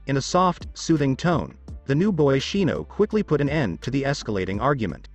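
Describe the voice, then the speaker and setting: A man's voice: mid-range voice, big pitch swings, moderate pace, faint music behind. A man reading a story as scripted narration, with small shifts of voice for quoted children.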